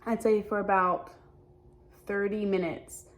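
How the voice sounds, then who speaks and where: A young adult woman talking openly in a personal vlog, halting and hesitant, often restarting her sentences. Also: medium pitch, fairly even intonation. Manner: earnest and open. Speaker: vlogger.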